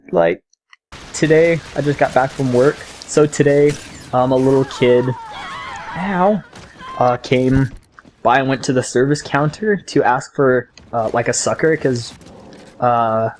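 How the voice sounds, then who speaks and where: A man's voice: on the high side, gravelly, a little mellow, slight background noise. A young man hosting a gaming channel, telling rambling, chatty stories while he plays. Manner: rambling, chatty storytelling between game reactions. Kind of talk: casual gameplay commentary.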